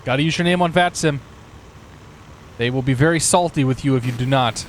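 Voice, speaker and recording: A man's voice: mid-range voice, a little fast, a little hiss or hum, rough recording. A man streaming a flight simulator, chatting casually with viewers and thinking aloud.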